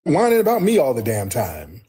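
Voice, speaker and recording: A man's voice: medium pitch, huge pitch swings, moderate pace, dark tone, husky. A man streaming a ranting commentary, exasperated and mocking, with sighs.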